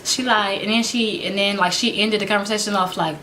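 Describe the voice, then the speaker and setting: A young woman vlogger, telling a casual storytime to viewers, animated and laughing often. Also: mid-range voice, brisk, few pauses, slight background noise.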